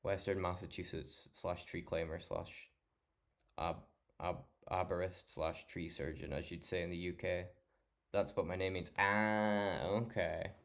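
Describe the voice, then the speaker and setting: Male livestreamer, deep low voice, loose sweary late-night chat with viewers. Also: fairly even intonation, a little slow, vocal fry, fairly bright tone. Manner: swears a lot, chatty, talks to chat by name.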